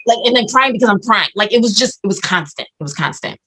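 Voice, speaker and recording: A woman's voice: on the low side, fast talker, few pauses. A woman in her forties telling a personal story candidly, swearing freely and acting out her own reactions. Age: 40s. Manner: profane, animated, acts out her own reactions. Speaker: podcast guest.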